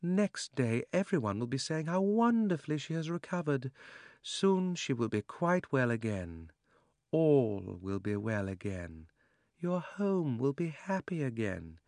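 A man's voice: mid-range voice, sing-song, measured pace, a little mellow, no room sound, clean studio sound, voice pushed up. A man reading an audiobook, voicing a cold, cunning sorceress who coaxes and scorns, her voice sometimes sinking to a whisper. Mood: coaxing. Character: cold tempting sorceress queen, fierce and cunning.

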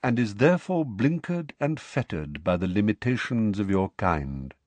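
A man voicing a calm, aloof male centaur teacher who speaks in a measured, quietly disdainful way. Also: fairly low pitch, no echo.

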